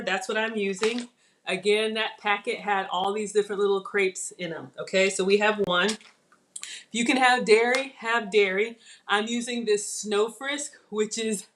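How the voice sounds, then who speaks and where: A woman's voice: on the high side, fairly bright tone. Lady hosting a live cooking stream, chatty, takes her time explaining each step. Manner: chatty, talks viewers through each step. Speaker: channel host. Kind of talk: live cooking demo chat.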